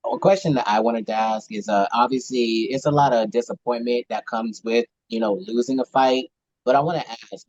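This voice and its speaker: A man's voice: mid-range voice, a little mellow, no echo. A male interviewer asks questions and thanks his guest over a video call in an upbeat, friendly way. The audio is dull and dry, like a compressed call. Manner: upbeat and thankful, says "man" often. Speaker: podcast interviewer.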